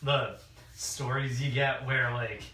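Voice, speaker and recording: A man's voice: medium pitch, fairly even intonation, slow pace, sharp tone. A man on a podcast chiming in casually, rambling with many fillers. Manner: chimes in loosely with many "you know"s and laughs. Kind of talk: casual chat. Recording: echoey room, distant mic, clear background noise.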